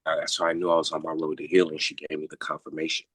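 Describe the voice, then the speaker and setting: A man's voice: very deep voice, very fast, husky, no room sound. A man telling a long personal story in casual talk, swearing freely and acting out the voices of the people in it. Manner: animated, swears freely, acts out quoted voices.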